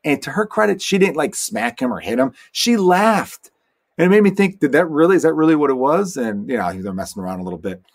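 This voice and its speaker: A man who is a stand-up comedian, hosting his own solo podcast and telling stories in a rambling, animated way with quick asides. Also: a little high, gravelly. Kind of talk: casual solo podcast monologue.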